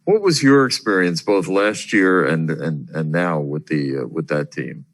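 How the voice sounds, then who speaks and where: A male sports reporter asking a steady, plain question at a press conference. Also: rumbling low, a little slow.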